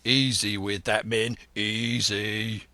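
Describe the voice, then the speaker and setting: A man's voice: lowish voice, flat delivery, slow pace, sharp tone. A man voicing a stern, curt sea captain who gives clipped, commanding orders in an audiobook.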